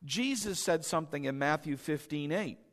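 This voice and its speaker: A man's voice: on the high side, moderate pace, long reverb tail. A male pastor preaching a sermon in a conversational, emphatic way, often checking in with the congregation and repeating key phrases.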